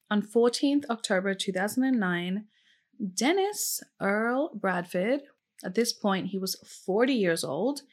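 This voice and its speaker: A woman hosting a true crime podcast, telling the case casually with lots of "like" and "um" and asking her listeners questions. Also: mid-range voice. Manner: chatty, many fillers like "like" and "um"; asks listeners questions directly. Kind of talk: casual storytelling.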